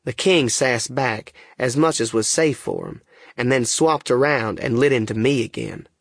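A man's voice: mid-range voice, very animated, moderate pace, no room sound, clean studio sound. A man narrating a first-person story in a plain, folksy dialect, as an audiobook reader.

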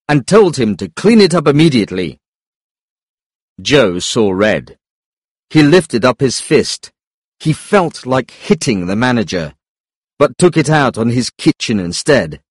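A man reading a story aloud in clear, deliberate audiobook narration. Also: mid-range voice, no room sound, clean studio sound.

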